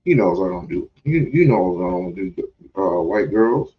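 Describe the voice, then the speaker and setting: A man's voice: low-pitched, animated, normal speed, soft background music. A man hosting a livestream talk show, out of breath after exercising, speaking in an emphatic, preachy way. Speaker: livestream host. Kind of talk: casual livestream chat. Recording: dull lo-fi stream audio.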